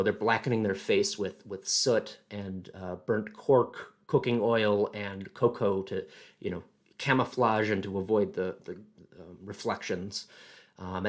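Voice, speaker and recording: A man presenting a casual history talk, halting and thinking aloud with many fillers. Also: on the low side.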